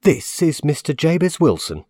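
A man's voice: on the high side, big pitch swings, moderate pace, dark tone, dry recording, clean studio sound, pitched above the performer's own voice. A man voicing an obliging young male shop assistant who sounds eager and reassuring.

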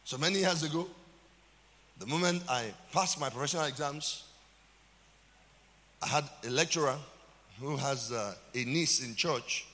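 A man's voice: fairly high pitch, a little slow, long pauses, a bit bright, in a large hall. A man with a Nigerian accent, a pastor preaching a sermon with dramatic emphasis and calls out to the congregation.

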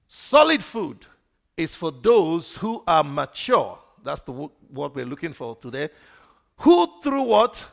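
A man preaching a sermon, putting questions to the congregation for them to answer and swinging between loud emphasis and quiet asides. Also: fairly high pitch, creaky. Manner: call-and-response questions to the congregation.

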